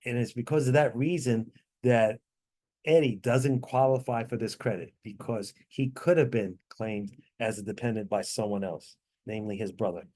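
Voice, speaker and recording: A man leading a tax training class over a video call, explaining answers step by step with frequent fillers and quick apologies. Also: medium pitch, steady tone, dark tone.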